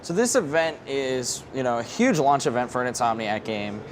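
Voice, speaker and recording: A man's voice: mid-range voice, lively intonation, moderate pace, slight background noise. A man hosting a podcast in a casual promotional chat, rattling off lists of features at an indoor launch event. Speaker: podcast host.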